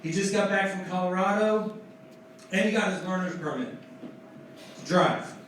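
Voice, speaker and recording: Profane stand-up comic in echoey club. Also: male voice, high voice, moderate pace, a bit bright, distant mic. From New Jersey. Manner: profane, self-mocking, punchy delivery. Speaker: stand-up comedian. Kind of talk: stand-up comedy set. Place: comedy club stage. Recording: echoey club room, mic heard from afar with crowd noise.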